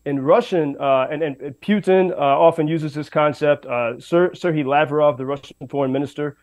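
Male correspondent, unscripted radio report, halting delivery, fairly high voice. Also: darkish tone, poor audio. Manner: halting, many fillers and restarts. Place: reporting from western Ukraine.

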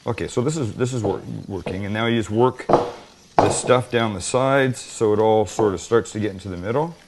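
A man's voice: fairly low pitch, fairly quick, very noisy. Joking middle-aged man cooking at home. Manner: joking, self-deprecating, talks while working. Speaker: cooking show host. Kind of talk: casual cooking demonstration. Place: home kitchen.

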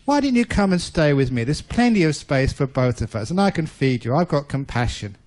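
A man's voice: fairly high pitch, very animated, fairly quick, a little mellow. A man voicing a big, fat, happy male spider who speaks kindly and generously in a told story. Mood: cheerful. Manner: cheerful and generous.

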